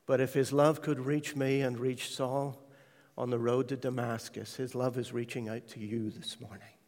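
A man preaching to a congregation, his voice carrying a long hall reverb. He shifts from quiet, tender testimony to loud, animated quotes of other people. His pitch sits in an ordinary middle range. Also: normal speed. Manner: testimony told with hushed, tender passages and sudden loud acted quotes. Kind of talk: sermon.

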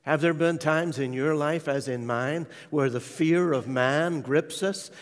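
A man preaching a sermon, telling his testimony with hushed, tender stretches and sudden loud quoted voices. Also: a little high, a little slow. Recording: large hall reverb.

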